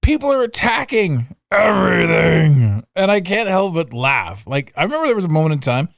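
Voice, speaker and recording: A middle-aged man hosting a solo podcast, chatting casually and mocking himself, with sudden loud bursts and low asides. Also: normal speed, vocal fry, dry recording, clean studio sound. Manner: animated, swings between loud outbursts and low asides; self-mocking, laughs at himself. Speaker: podcast host. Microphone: studio mic, audio only.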